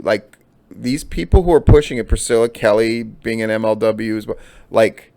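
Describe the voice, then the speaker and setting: Heavy swearing marks this middle-aged man's blunt, profane solo take on wrestling news, with points repeated for emphasis. His voice is medium in pitch with a darkish tone.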